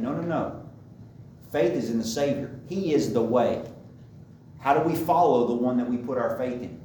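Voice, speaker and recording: A man's voice: medium pitch, lively intonation, normal speed, dark tone, slight background noise. A man preaching a sermon, emphatic and driving his points home by repeating them. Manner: emphatic, repeats key phrases. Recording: very echoey room, mic far off.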